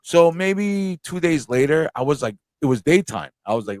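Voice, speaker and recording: A man from New York with a New York accent, telling a lively story in casual chat with a comic club on a video call. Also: mid-range voice, fast talker, no echo. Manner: animated anecdote teller, laughs often.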